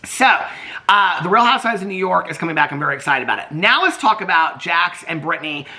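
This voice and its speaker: A chatty man with a Southern accent gossips casually to camera. His voice is bright and sharp with a gravelly fry, and he rambles, loses his thread and picks it back up. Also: a little high, lively intonation, fast. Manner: chatty, rambling, trails off and restarts. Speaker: YouTube host.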